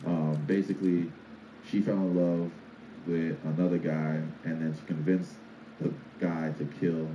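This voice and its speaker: Man, low voice, casual podcast chat, echoey room, noisy background. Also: level tone, a little slow, mellow, dull audio. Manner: laid-back storytelling, reads sponsor spot. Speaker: podcast co-host.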